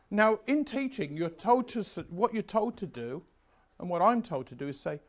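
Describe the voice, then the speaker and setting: A man's voice: high voice, animated, normal speed. A man in his sixties giving a revision lecture, chatty, anecdotal and self-mocking. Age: 60s.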